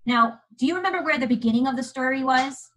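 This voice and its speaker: Husky lady telling kids a fairy tale, chatty and lively, keeps asking them questions. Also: sits high, fast talker, low-quality recording. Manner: animated, chatty, asks the audience questions. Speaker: museum educator. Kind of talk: storytelling lesson for children.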